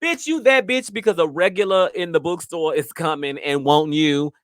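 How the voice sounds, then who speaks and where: A man's voice: a little high, normal speed, dry recording, clean studio sound. A man hosting his show, telling a story in a brash, profane, sassy way. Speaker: host. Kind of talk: casual storytelling.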